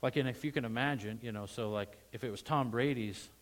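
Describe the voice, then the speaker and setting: A man preaching a Sunday sermon, talking with the congregation more than at it. He asks them questions and then rises into loud, emphatic bursts before settling back down. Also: medium pitch, fairly quick, poor audio. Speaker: pastor.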